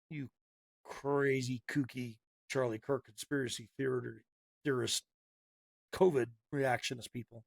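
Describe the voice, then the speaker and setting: A man's voice: mid-range voice, fairly even intonation, normal speed, gravelly, no echo, studio quality. A man hosting a podcast, delivering a heated, sarcastic opinion monologue with punchy repetition. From Massachusetts. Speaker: podcast host.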